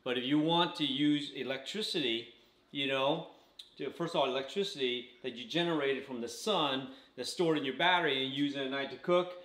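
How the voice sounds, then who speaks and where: This home cooking vlogger talks fairly quickly in a mid-range, slightly bright voice, chewing as he reviews food casually. Chatty by nature, he keeps tagging sentences with "okay?" in a roomy, echoing space.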